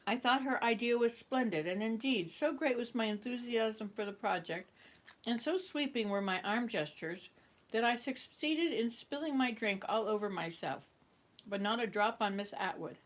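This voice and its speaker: A woman's voice: fairly high pitch, lively intonation, normal speed. Chatty woman reading aloud. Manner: chatty, stumbles and corrects herself; talks around a cookie. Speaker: host reading a book aloud. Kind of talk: casual read-aloud.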